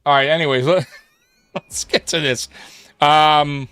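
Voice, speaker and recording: Man hosting a sports stream, casual and profane, unhurried delivery, dry close sound, faint music behind. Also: fairly high pitch, steady tone, a bit bright, smooth, no room sound. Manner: laughing, profane, slangy. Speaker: livestream sports show host. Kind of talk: casual chat.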